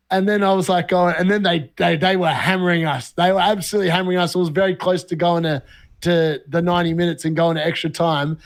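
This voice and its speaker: Animated young man telling stories. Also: high-pitched. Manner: animated, laughs often, lively anecdotes. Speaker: podcast guest. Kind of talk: casual storytelling.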